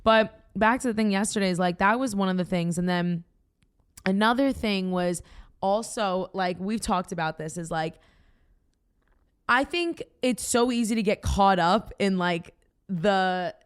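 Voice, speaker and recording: A young woman with a Boston accent hosting a casual chat podcast, telling rambling, excited stories full of fillers. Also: mid-range voice, measured pace, smooth. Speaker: podcast host.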